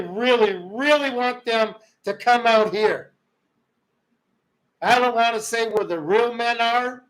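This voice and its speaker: A man hosting a livestream, ranting about politics in a heated way, swinging from loud outbursts to low muttering. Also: rough recording. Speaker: livestream host. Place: rural home.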